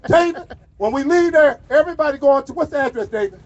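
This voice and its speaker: High-pitched man shouting at a rally. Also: lively intonation, fast talker. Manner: fiery, preacherly, calls out to the crowd. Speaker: rally speaker. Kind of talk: shouted street rally speech. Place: outdoor protest march. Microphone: phone recording from the crowd. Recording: muffled phone recording outdoors.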